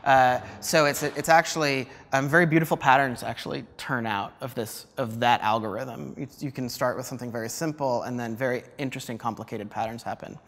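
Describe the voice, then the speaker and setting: A man's voice: mid-range voice, steady tone, fairly quick, few pauses, fairly bright tone. A man giving an artist talk at a museum, explaining a play's rules with many ums and restarts. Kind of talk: lecture and script reading. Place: museum lecture space. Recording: reverberant hall.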